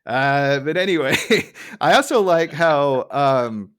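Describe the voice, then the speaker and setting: A man's voice: fairly high pitch, expressive, takes it slowly, fairly bright tone, smooth. A man co-hosting a podcast in casual chat, recapping an episode in an easygoing way with fillers and chuckles. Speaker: podcast co-host.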